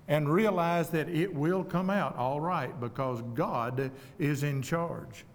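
Earnest preacher man in a reverberant church. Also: a little high. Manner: earnest, humble, measured with deliberate pauses. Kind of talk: evening sermon. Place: church auditorium. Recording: long reverb of a church hall.

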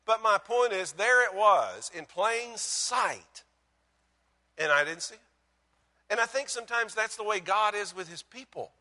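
A man preaching a sermon as pastor, swinging from loud emphasis to hushed lines and telling folksy, self-mocking stories. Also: high voice, animated, a little slow, in a large hall.

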